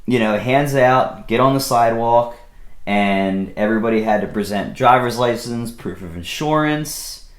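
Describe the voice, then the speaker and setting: A man's voice: medium pitch, moderate pace. A young man from Pennsylvania casually telling a personal story, rambling along with lots of fillers and restarts. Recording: echoey room.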